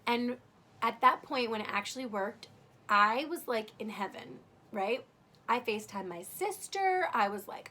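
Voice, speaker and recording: A woman's voice: on the high side, moderate pace, sharp tone. A young adult woman casually telling the story of giving birth, chatty and candid, full of "like" and the odd swear. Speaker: new mother telling her birth story.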